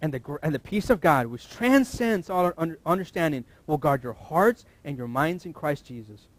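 A man preaching a sermon, repeating key phrases and now and then breaking into loud shouts. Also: fairly high pitch, animated, moderate pace. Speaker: pastor.

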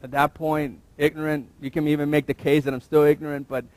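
A man in his thirties, a pastor, giving a relaxed conversational sermon, telling a personal story with fillers and restarts and posing rhetorical questions to the congregation. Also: fairly high pitch, a little fast. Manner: self-deprecating, asks listeners rhetorical questions.

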